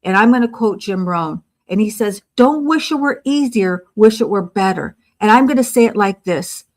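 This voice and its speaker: A woman's voice: mid-range voice, expressive, moderate pace, a little mellow. An older woman giving an emphatic, preachy motivational talk on a video call, stretching out her punchlines. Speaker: panel speaker.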